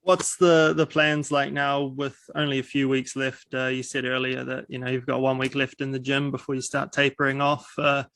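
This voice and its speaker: A man's voice: mid-range voice, level tone, moderate pace, hardly any pauses, fairly bright tone, dry recording. A man hosting a sports show, asking questions in a hesitant way with many fillers. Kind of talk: interview questions.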